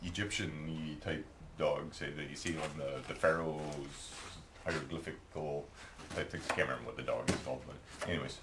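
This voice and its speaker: A man's voice: extremely low pitch, steady tone, moderate pace, noisy background. A middle-aged Canadian man with a Canadian accent, telling a rambling, chatty story while painting at home, tagging his lines with "eh". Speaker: hobby painter and video maker.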